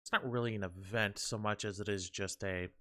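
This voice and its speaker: A man's voice: lowish voice, fairly even intonation, brisk, sharp tone. A man streaming and chatting casually to his viewers, rambling and cutting himself off as he talks. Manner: rambling, chatty, self-interrupting. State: a bit out of breath.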